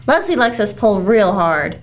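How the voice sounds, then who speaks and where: A woman voicing a small talking pigtail that whines and coaxes, a little lower than her reading voice. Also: big pitch swings, normal speed, lightly acted. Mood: wheedling. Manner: coaxing, wheedling, lower than narration. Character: whiny pestering talking pigtail, small thing.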